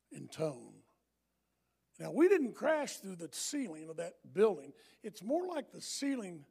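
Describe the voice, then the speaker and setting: A middle-aged man preaching a sermon, emphatic and repetitive, swinging from hushed lines to loud ones. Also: very high-pitched. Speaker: pastor.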